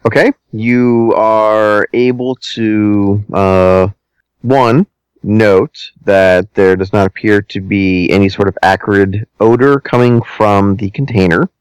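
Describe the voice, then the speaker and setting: A man narrating a tabletop game as game master, deliberate and hesitant, with many ums and restarts. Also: lowish voice, steady tone, smooth, no room sound, low-quality recording.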